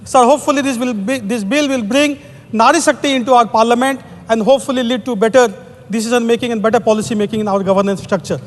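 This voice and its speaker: Brief: Indian-accented male legislator, high voice, formal, long chamber echo. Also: fairly even intonation, quick pace, slight background noise. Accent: Indian English. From Odisha, India. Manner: formal, peppers every phrase with "sir". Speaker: member of parliament. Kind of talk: parliamentary speech. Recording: long reverb of a large chamber.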